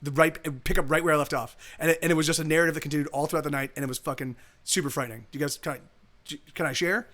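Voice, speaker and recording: A man on a live stream tells a long story in a loose, rambling way, restarting his sentences and acting out what people said. He talks quickly, and his voice sits high for a man. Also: fairly even intonation, fairly bright tone. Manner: rambling, full of restarts and acted-out quotes. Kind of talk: casual storytelling.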